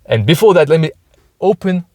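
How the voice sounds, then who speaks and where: A man's voice: on the high side, expressive, a little fast, dark tone, no echo, clean studio sound. A man hosting a podcast, explaining things casually with many restarts, talking from inside a hot car. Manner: explaining, thinking aloud with restarts. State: overheated. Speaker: podcast host. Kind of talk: casual solo podcast talk.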